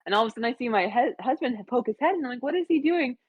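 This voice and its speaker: A woman's voice: on the high side, expressive, rapid-fire, no room sound, narrow, tinny audio. Chatty woman on a dry close mic. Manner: chatty, laughing often, trailing off. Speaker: stream co-host. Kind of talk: casual stream chat.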